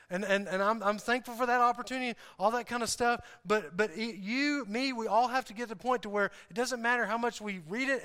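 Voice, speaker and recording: A man preaching a sermon to a congregation in an animated, joking way, often repeating himself and restarting. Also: high voice, a little fast, hardly any pauses. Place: church hall. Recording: hall reverb.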